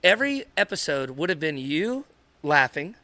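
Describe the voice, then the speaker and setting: A man's voice: a little high, big pitch swings, normal speed, bright, forceful tone, no echo. A man co-hosting a podcast, speaking earnestly and in a rambling way, often repeating himself. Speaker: podcast co-host, father. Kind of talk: candid podcast conversation.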